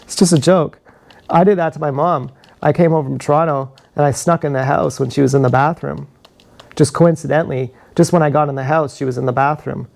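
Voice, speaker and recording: Man, gravelly fry, rambling confessional livestream talk, action-camera mic. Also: a little high, fairly even intonation, fairly quick. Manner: meandering, confessional, laughs at own stories.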